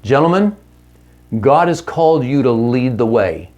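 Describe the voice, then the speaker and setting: Man, marriage seminar speaker, live audience, earnest, coaching, middle pitch. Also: lively intonation, measured pace. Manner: earnest, coaching, drops voice soft and low for example apologies. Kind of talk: teaching talk to a live audience.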